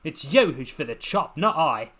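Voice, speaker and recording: Brief: man playing a smug young Cockney creature girl, boisterous, pitched up. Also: wildly swooping pitch, a little slow, fairly bright tone, breathy edge, full character voice. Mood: cheeky.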